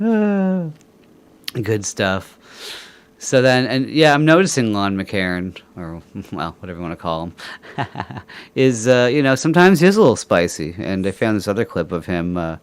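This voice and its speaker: An Irish-born host chats about clips in a loose, rambling way and laughs at his own jokes. His voice sits a bit low and swings up and down all the time. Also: very animated, moderate pace, clear, resonant tone. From Ireland. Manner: laughs often, joking, rambling. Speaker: podcast host. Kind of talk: casual chat.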